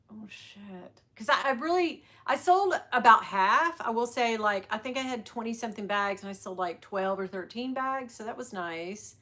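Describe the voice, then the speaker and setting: Woman, middle-aged, rambling livestream chat, greets viewers by name, sharp bright tone. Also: medium pitch. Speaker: livestream host selling bags. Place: at work on a sales floor.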